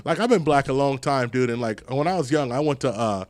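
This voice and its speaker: A man's voice: mid-range voice, brisk, no echo. A man hosting a casual podcast, telling stories with lots of swearing and acted-out quotes. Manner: animated storyteller, swears, acts out quotes. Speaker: podcast host.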